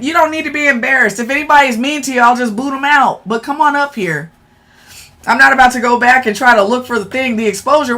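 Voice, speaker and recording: A woman's voice: sits high, normal speed, a bit bright. A woman hosting a casual livestream, blunt and profane, talking straight to her chat and calling them y'all, with a sore throat. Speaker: livestream host. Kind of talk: casual live-stream chat.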